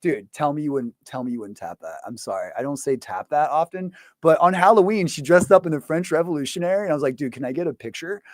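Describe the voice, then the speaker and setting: Male host, fairly high voice, dry close sound, loose profane rant, lots of fillers. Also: quick pace, hardly any pauses, no echo. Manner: profane, rambling, full of fillers. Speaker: show host. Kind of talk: casual ranting monologue.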